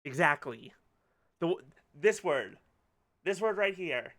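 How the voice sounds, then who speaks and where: A chatty game streamer talking through a playthrough, wandering off topic and laughing easily. The voice swings up and down a lot and sounds bright. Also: mid-range voice, animated, slow pace. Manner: chatty, rambling, laughs often. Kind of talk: casual let's-play commentary.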